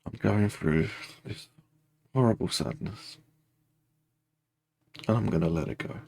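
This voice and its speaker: A man guides a tapping meditation in a heavily gravelly, husky voice, recorded close and dry. He speaks in slow, repetitive first-person affirmations. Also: lowish voice, darkish tone, dry recording.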